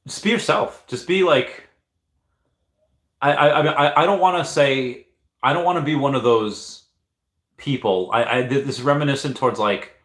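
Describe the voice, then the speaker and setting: A man in his thirties hosts a livestream in an echoey room, chatting casually and reading viewer comments aloud. His medium-pitched, slightly bright voice moves at normal speed, with frequent pauses as he hesitates and restarts sentences in rambling chat.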